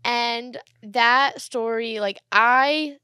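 Bright high-voiced female podcast host. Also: very slow, smooth, dry recording, studio quality. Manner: laughs often, warmly reactive. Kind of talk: casual interview chat.

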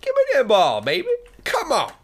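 A young man doing excitable, joking let's play commentary, often shouting and yelping. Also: very high-pitched, normal speed, vocal fry. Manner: excitable, shouts and yelps, jokey. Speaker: gaming commentator.

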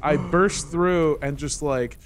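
A man playing a tabletop game, describing his character in a goofy, excitable way. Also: fairly high pitch, slow pace, slight background noise. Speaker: player. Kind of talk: joking around in a tabletop game.

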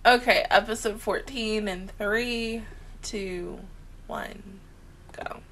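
A woman's voice: mid-range voice, steady tone, slow pace, a bit bright. A woman doing an anime reaction video, emotional and exclamatory, swearing freely as she talks.

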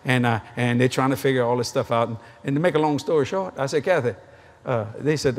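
Male preacher, middle-aged, fast-talking and lively, slightly husky, folksy storyteller at a convention pulpit. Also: medium pitch. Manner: folksy storytelling, acts out dialogue, laughs often. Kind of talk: sermon. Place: large convention hall, live audience.

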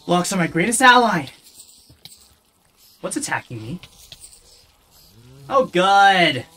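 Gamer with a bright, sarcastic mutter. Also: medium pitch, very animated, takes it slowly. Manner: dry, sarcastic self-talk, muttering while playing. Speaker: let's play gamer. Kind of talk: casual gameplay commentary.

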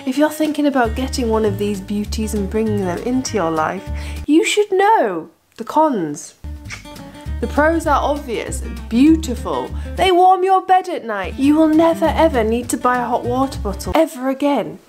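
High-voiced sweary woman vlogging. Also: very animated, moderate pace, darkish tone, soft background music. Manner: chatty, sweary and playful. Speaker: dog owner vlogger. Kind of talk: casual vlog chat. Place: in a car and outdoors in snow. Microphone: handheld camera.

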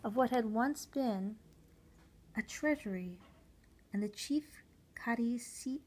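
A woman reading a short story aloud, slowly and deliberately, giving the characters' lines their own voices. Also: fairly high pitch, darkish tone. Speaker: reader.

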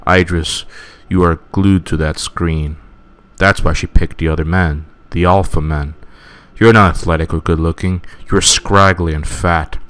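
Man playing a low, contemptuous tormenting voice, drawn-out. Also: steady tone, a bit bright, smooth. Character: scornful accusing inner voice, male.

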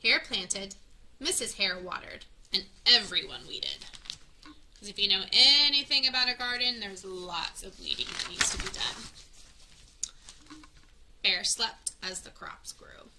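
A woman's voice: medium pitch, unhurried, long pauses, bright, forceful tone, slight background noise, rough recording. A woman reading a children's picture book aloud, stopping to add friendly teaching asides. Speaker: children's story reader.

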